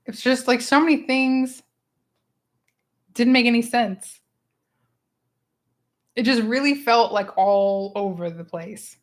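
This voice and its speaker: A woman hosting a casual book club livestream, chatty and expressive, who laughs often, talking into a small clip-on mic. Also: fairly high pitch, takes it slowly, pauses often. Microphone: small clip-on microphone.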